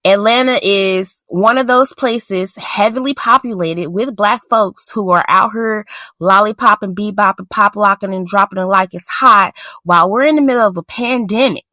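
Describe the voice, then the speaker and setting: A woman's voice: medium pitch, normal speed, pushed and bright, dry recording. A woman co-hosting a podcast in casual chat, blunt and sarcastic, often laughing as she talks. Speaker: podcast co-host.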